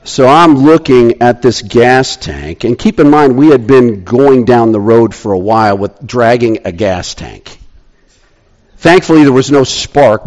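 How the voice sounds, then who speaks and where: A man tells a story from his own life as part of a sermon. He talks at a middle pitch, building the tale with animated swings between excited rises and quiet, hushed drops.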